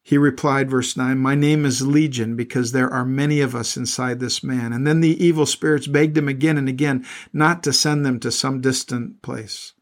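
A man's voice: medium pitch, fairly even intonation, normal speed, few pauses. A middle-aged male pastor reading scripture aloud and breaking off into plain, earnest commentary, often repeating words as he goes.

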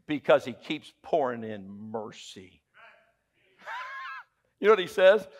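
A man with a Southern US accent preaching a sermon as pastor, emphatic and humorous, dropping from loud exclamations to hushed lines and asking the congregation questions. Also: medium pitch, sing-song, takes it slowly, pauses often. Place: church sanctuary.

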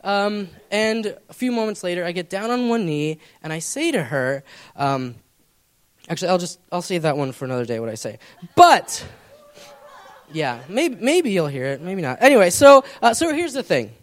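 A man's voice: sits high, very animated, moderate pace. A young man preaching, telling a personal story in a casual, rambling way with many fillers. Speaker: pastor. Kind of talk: storytelling sermon.

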